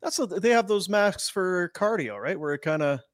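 A man's voice: high-pitched, expressive, normal speed, dry recording. A man co-hosting a sports radio show in a studio, with dry, grumpy, sardonic humour in casual banter.

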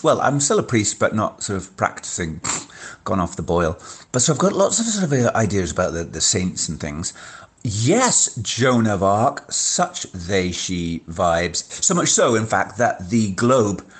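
A man's voice: on the low side, big pitch swings, a little slow. A man from Scotland leaving a gossipy, camp voice message to a podcast. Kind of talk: casual voice message.

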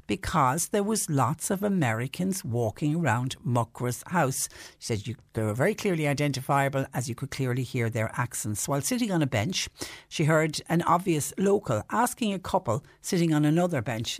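A man's voice: on the high side, animated, normal speed, dry recording, clean studio sound. A man with an Irish accent hosting a radio show, chatting casually and reading out listener letters, slipping into quoted voices as he tells stories.

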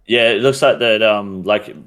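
A man's voice: on the low side, moderate pace, fairly bright tone. A man with an Australian accent, a guest on a gaming podcast, chatting casually and ranting bluntly with lots of swearing. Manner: blunt, heavily profane, ranting. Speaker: podcast guest, game streamer.

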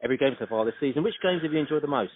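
Fast-talking London man, tinny sound. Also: on the high side, animated. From London, England. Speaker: podcast host. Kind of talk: casual interview. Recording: tinny phone-like sound with faint noise.

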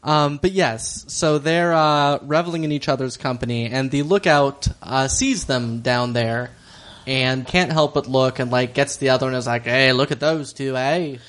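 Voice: medium pitch, normal speed, fairly bright tone. A podcast co-host in a comedic movie recap, making dry, wry remarks and laughing often.

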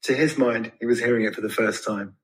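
A man sending in a voice note, telling a story in a wry, exasperated way. His voice sits at a middle pitch and has nothing unusual about it. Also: fairly even intonation, fairly quick, poor audio. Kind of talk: casual anecdote.

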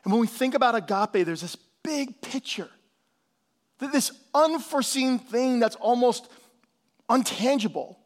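A man in his fifties preaching a sermon in a fairly high voice. He talks to his congregation like they're friends, calls out for an amen, and sometimes sinks to a near whisper for emphasis. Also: measured pace. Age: 50s. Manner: animated preaching, drops to soft hushed tones for emphasis. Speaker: pastor.

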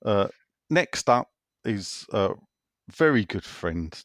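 Animated man talking football. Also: lowish voice, slow, dry recording, clean studio sound. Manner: animated, opinionated. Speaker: podcast co-host. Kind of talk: casual football podcast chat.

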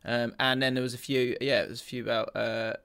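A man's voice: mid-range voice, little pitch movement, fairly quick, gravelly, a bit bright, clear, resonant tone. A man co-hosting a casual football podcast, chatty, laughing often and restarting his sentences. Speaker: podcast co-host.

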